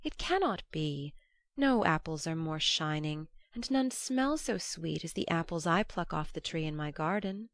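A woman's voice: deep voice, animated, a little slow, no room sound. A woman reading aloud, voicing a fair, simple young goddess who speaks earnestly and pleads.

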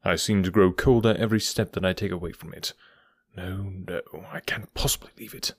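A man voicing a keen, commanding detective in an audiobook, eager and probing, sometimes dropping to a low murmur. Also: fairly even intonation, fast talker, no room sound, clean studio sound. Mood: hushed. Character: keen, commanding middle-aged male detective. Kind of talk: audiobook character voice.

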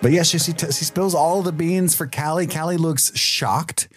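A man's voice: a little high, normal speed, soft background music. A man co-hosting a podcast, talking candidly and joking around in casual chat. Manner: candid, jokey, does playful character bits. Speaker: podcast co-host.

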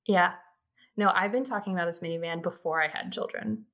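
A woman's voice: on the low side, a little fast. Giggly woman in her thirties telling stories. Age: 30s. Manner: giggly, animated storytelling. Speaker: guest. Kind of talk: casual podcast chat.

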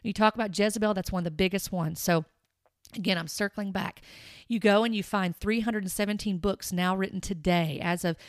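A woman in her thirties delivering a Bible teaching in an earnest, emphatic way, her voice sitting at an ordinary middle pitch. She leans on key words and draws them out slowly. The sound is close and dry, with no room around it. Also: no room sound. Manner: earnest, emphatic, slows for stress. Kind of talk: podcast-style teaching monologue.

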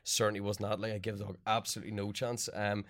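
A man's voice: fairly low pitch, level tone, quick pace, a bit bright. A man co-hosting a podcast, talking in a laid-back way with plenty of "um" and "like". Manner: laid-back, full of fillers like um and like. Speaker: podcast co-host. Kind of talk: casual chat.

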